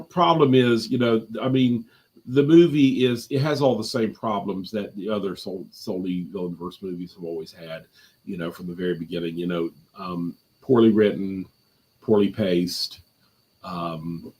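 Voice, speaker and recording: A man's voice: on the low side, breathy edge. A man chatting casually as a guest on a live movie review stream from home, rambling with lots of fillers and restarts.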